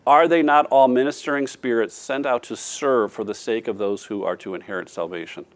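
A man's voice: mid-range voice, a little fast. A man leading a Bible study class, talking loosely with frequent fillers and restarts as he draws answers from the group. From former math teacher. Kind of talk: leading a church group discussion.

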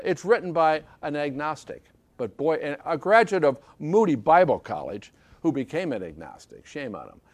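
A man's voice: on the high side, dry recording. A man preaching a sermon in an emphatic way, repeating key phrases and often checking with listeners by asking "okay?". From British Isles.

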